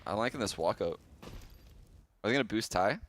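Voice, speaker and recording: A man commentating an esports match in a relaxed, chuckling, conversational way. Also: on the low side, a little fast, slight background noise. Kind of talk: casual broadcast commentary.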